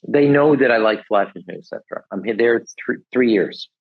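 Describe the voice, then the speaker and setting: Older guy rambling through a story, husky and lowish, kinda muffled audio. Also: lively intonation, brisk. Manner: rambling, restarts, says "et cetera" often. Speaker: podcast guest. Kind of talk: casual storytelling.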